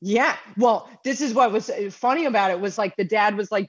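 Profane animated American woman, dull sound. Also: mid-range voice, fast talker, hardly any pauses, dry recording. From United States. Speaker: podcast guest. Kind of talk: casual storytelling chat. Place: apartment in London.

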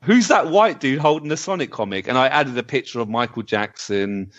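A man's voice: medium pitch, lively intonation, fairly quick. A man hosts a casual podcast with a mid-range voice. He jokes, laughs often and reads out listener comments. The audio is dull and lo-fi. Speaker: podcast host.

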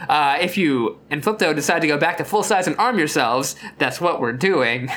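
Man, podcast host, playful gamebook narration, lively pitch, laughs often. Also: normal speed. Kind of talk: casual comedic narration.

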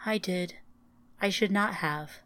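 A woman reading the part of a sorrowful machine intelligence in a story, speaking softly and plaintively. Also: medium pitch, slow pace. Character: sorrowful ancient machine mind, mother of many.

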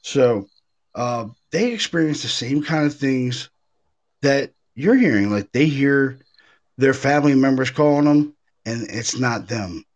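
Animated man telling ghost stories. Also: mid-range voice, unhurried, dull audio. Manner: animated storyteller, many fillers and restarts. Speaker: podcast host, paranormal investigator. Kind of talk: casual chat.

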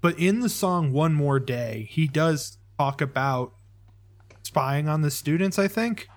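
Guy with kinda high voice, lots of um and like, fixing the facts. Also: lively intonation, slow pace. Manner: corrects details, hesitant with fillers. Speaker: podcast co-host. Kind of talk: casual chat.

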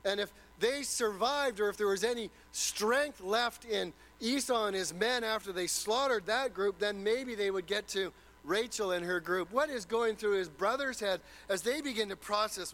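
A man's voice: sits high, normal speed, hardly any pauses, fairly bright tone, rough recording. A man preaching a sermon, retelling a story dramatically and posing rhetorical questions.

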